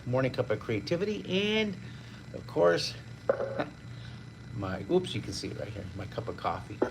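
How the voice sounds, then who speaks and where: A man's voice: medium pitch, sing-song, measured pace, creaky, noisy background. An older man leading a live-streamed drawing lesson, upbeat, chatty and encouraging to his viewers. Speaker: drawing teacher.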